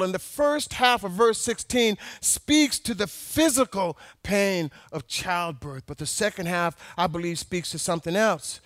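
Male preacher, high voice, storytelling sermon, dry close sound. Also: fairly bright tone, no room sound. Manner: personal storytelling, emphatic repetition. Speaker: pastor.

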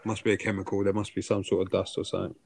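A man's voice: low voice, level tone, very fast, vocal fry, a little mellow, breathy edge, no echo. A man co-hosting a podcast, chatting casually and teasing his co-host. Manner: banter, swearing, teasing. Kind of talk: casual chat.

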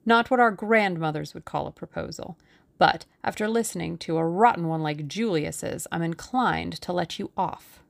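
A woman's voice: lowish voice, moderate pace, vocal fry. A woman doing a bossy, brash young Englishman. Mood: teasing. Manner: forceful, bossy bursts. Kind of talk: audiobook character reading.

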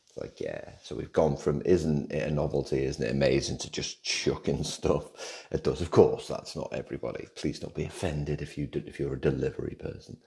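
A man with a very low, gravelly voice and a dark, mellow tone hosts a casual solo podcast. He talks in a loose, rambling way and drops joking asides along the way. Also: moderate pace. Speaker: podcast host. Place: home in Australia.

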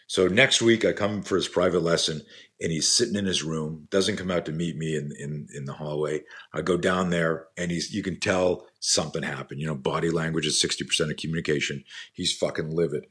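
A man in his sixties with a very deep, husky voice tells a story in an interview. He rambles with plenty of fillers and swears casually as he talks about his teaching work. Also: a little fast. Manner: animated, profane, rambling with many fillers. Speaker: self-defense instructor and company founder.

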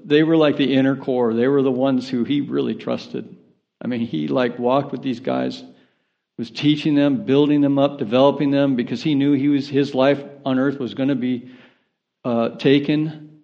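Male pastor, earnest sermon delivery, mid-pitched voice, dull lo-fi recording. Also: gravelly. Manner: earnest, rising to impassioned preaching.

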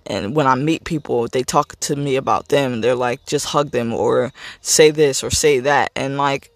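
A man's voice: medium pitch, a little slow, no echo. A young man hosting a podcast, talking candidly in a rambling, repetitive way. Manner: candid, rambling, repeats himself. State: getting emotional. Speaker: podcast host. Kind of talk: casual personal monologue.

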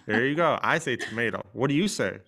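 A man's voice: mid-range voice, expressive, a bit bright. A man from the United States co-hosting a podcast, chatting casually and reading his own writing aloud in an earnest, feeling way. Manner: earnest, reads slowly with feeling. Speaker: podcast co-host.

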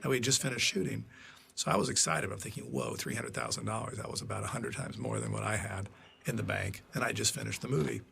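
A man's voice: on the low side, quick pace, creaky, sharp tone. An older man, a film producer, telling rambling behind-the-scenes stories on a commentary track, often restarting and quoting people. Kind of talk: DVD commentary storytelling.

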